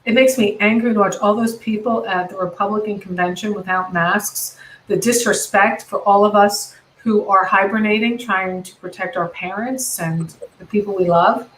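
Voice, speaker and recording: A middle-aged American comedian, appearing as a guest on a casual video call, talks passionately and rambles, correcting herself often. Her voice is medium-pitched and a bit bright, with fairly even intonation and a normal speed, on a low-quality recording with a little hiss or hum.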